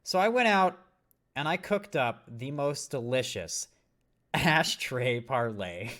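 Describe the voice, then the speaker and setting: Speaking slowly in a medium-pitched, expressive voice with a sharp edge, this man hosts a laid-back sports betting podcast. He coughs now and then, curses freely, and wanders as he walks through his picks.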